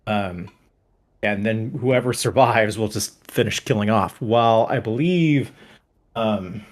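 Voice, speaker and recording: A man's voice: lowish voice, slow pace. Male player, casual, self-mocking, conversational delivery. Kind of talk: casual chat at a tabletop game.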